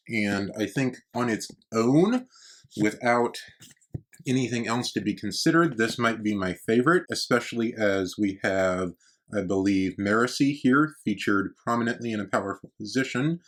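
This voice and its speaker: A man's voice: on the low side, fairly bright tone. Enthusiastic man showing his book collection. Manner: enthusiastic, conversational, uses "y'all". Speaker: book collector channel host. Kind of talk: casual show-and-tell vlog.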